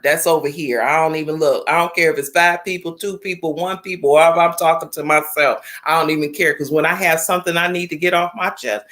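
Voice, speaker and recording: Animated woman talking to her live chat. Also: deep voice. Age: 50s. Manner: animated, emphatic, storytelling, addresses chat directly. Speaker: livestream host. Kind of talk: casual livestream talk.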